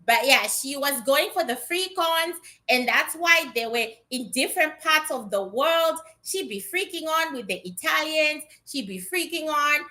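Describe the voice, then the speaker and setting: A woman's voice: high voice, expressive, measured pace, pushed and bright. A woman giving a casual, blunt psychic reading to her viewers, chatty and swearing freely. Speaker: psychic reader.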